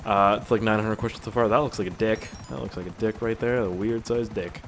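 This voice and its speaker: A man's voice: fairly low pitch, fairly even intonation, a little fast, a little hiss or hum. A young man giving casual, profane commentary while playing a game. He rambles from topic to topic, sounds tired and is easily amused. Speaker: gaming video creator.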